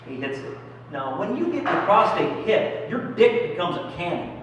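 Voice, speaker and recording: A man's voice: fairly high pitch, animated, brisk, fairly bright tone. A young man telling self-deprecating stand-up stories, acting out his own squeals and pleas. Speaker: stand-up comedian. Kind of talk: stand-up comedy. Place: small comedy club. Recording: echoey hall, distant mic, room noise.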